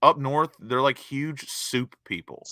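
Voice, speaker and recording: A man's voice: mid-range voice, expressive, slow, a crowd in the background. A man in casual chat, easygoing, asking curious questions and explaining things at length.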